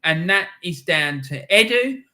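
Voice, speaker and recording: A middle-aged man with a fairly high, bright, forceful voice hosts a live match-day stream, ranting and shouting with heavy swearing. He's animated, a little slow, and pauses to read chat messages aloud.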